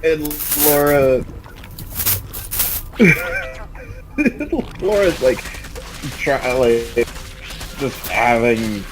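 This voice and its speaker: A man casually narrating his character in an online role-play, hesitant and halting. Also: medium pitch, poor audio. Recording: game music playing behind.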